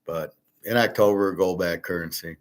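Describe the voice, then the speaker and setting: Man, lowish voice, blunt, ranting, casual commentary host. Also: steady tone, normal speed. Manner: blunt, ranting, swears freely.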